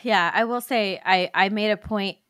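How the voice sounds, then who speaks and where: A woman's voice: mid-range voice, normal speed, fairly bright tone, no echo, studio quality. A woman co-hosting a podcast, talking in an earnest, chatty way. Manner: earnest, chatty, many fillers. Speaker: podcast co-host. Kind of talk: casual chat.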